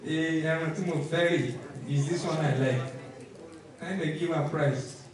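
Animated Nigerian man hosting in an echoey hall. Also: on the high side, measured pace, far from the mic, crowd noise. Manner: animated, switching into pidgin and Yoruba. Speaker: event host. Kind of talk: comedic storytelling to a crowd. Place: event hall.

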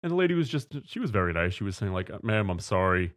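A man's voice: on the low side, sing-song, rapid-fire. A man co-hosting a studio podcast, telling a story casually, acting out voices and swearing freely. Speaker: podcast co-host. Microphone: studio mic.

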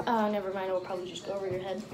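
A teenage girl telling jokes casually, rambling and giggling as she goes, pitching her voice up for characters. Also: flat delivery, rapid-fire, noisy background. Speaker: joke teller.

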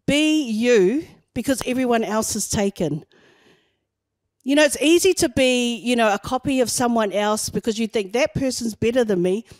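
A woman's voice: on the high side, a little mellow, dry recording. A middle-aged woman pastor, preaching a sermon in a conversational, story-telling manner.

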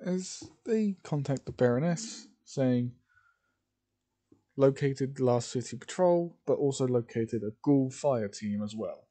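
A man narrating an improvised fan story, halting often and correcting himself as he goes. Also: medium pitch, animated, warm tone. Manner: halting, with many fillers and self-corrections.

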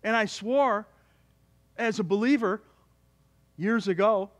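A male pastor preaching a sermon in an animated, joking way, with many restarts. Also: sits high, takes it slowly.

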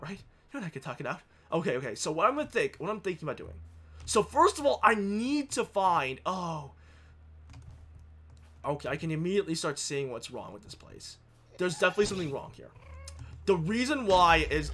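Jumpy, high-voiced young man gaming. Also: big pitch swings, fairly quick, pushed and bright. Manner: jittery, panicky, repeats phrases, yelps and laughs. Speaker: gaming YouTuber. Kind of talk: Let's Play commentary.

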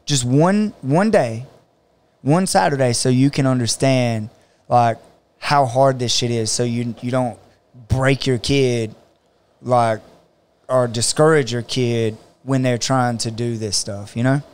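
Male jiu-jitsu coach, casual podcast talk, smooth clear voice, animated storyteller. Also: medium pitch, takes it slowly. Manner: animated storytelling, acts out other people's words.

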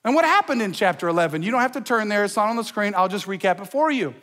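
A man preaching a sermon as a pastor in a church, energetic and joking, talking to the crowd in slang. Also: high voice, fast talker, in a large hall. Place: church sanctuary.

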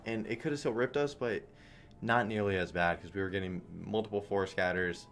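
A man with a low, deep voice gives loose, profane running commentary on his own slot play, cursing and reasoning aloud in a frustrated tone. Faint music plays underneath. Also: steady tone, normal speed, a bit bright. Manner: frustrated, swearing, thinking aloud. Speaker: online slot streamer.

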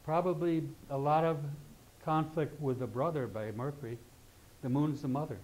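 A little high in pitch and darkish in tone, an older man speaks at normal speed while teaching astrology. His manner is conversational and rambling, punctuated by frequent "okay?" check-ins with the class, on a low-quality recording.

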